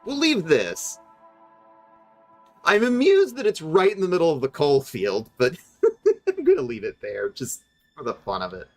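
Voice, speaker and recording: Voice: mid-range voice, huge pitch swings, a little slow, long pauses, a little mellow, faint music behind. A streamer giving casual, chatty commentary over a factory-building game, explaining its mechanics with amusement.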